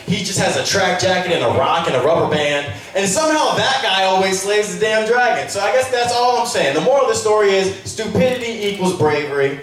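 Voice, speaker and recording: A man doing a crude, rambling, profane stand-up comedy set. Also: sits high. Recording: echoey room, mic far off.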